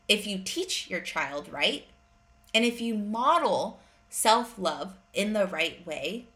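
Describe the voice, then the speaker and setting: A woman's voice: fairly high pitch, bright, forceful tone. A woman in her thirties hosting a parenting podcast, speaking earnestly and directly in a conversational monologue.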